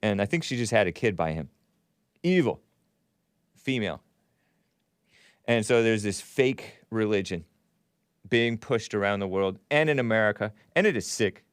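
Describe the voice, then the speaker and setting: A man's voice: fairly low pitch, lively intonation, moderate pace, clear, resonant tone, no room sound, clean studio sound. A man hosting a talk show, delivering a casual monologue in a sardonic, mocking tone and laughing at his own remarks.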